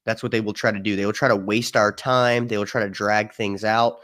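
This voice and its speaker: A man's voice: on the low side, level tone, a little fast, a bit bright. A man talking as a podcast guest in a casual political discussion, emphatic and given to storytelling with mimicked voices.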